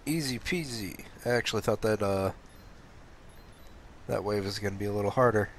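Speaking at normal speed in a lowish voice, this young streamer hangs out casually with viewers over slight background noise. He sounds drowsy and a bit phlegmy, curses without hesitation, and responds to what chat says.

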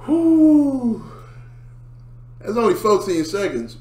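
A man's voice: medium pitch, animated, roomy sound. A man hosting a reaction video, talking casually between clips and laughing hard. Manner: laughs hard, drawling slow asides.

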